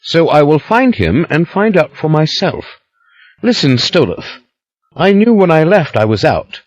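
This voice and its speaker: A man's voice: on the high side, big pitch swings, unhurried, no echo, voice pushed up. A man reading an audiobook, voicing a blunt, defiant man who refuses to back down. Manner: terse, defiant. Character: blunt, defiant man, a former order member.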